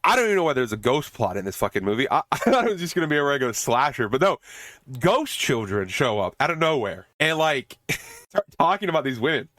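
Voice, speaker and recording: A man's voice: mid-range voice, sing-song, quick pace, a bit bright, dry recording, studio quality. A man hosting a podcast, casually recapping a horror movie with frequent laughter and swearing, acting out the characters' lines. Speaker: podcast host reviewing a movie.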